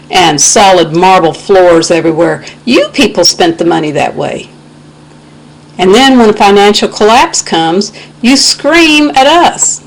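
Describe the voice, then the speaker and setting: An American woman with a lowish voice delivering a heated personal rant into a webcam. She sounds indignant and preachy, weaving in scripture as she goes. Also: poor audio. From United States. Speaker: video blogger. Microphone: webcam microphone.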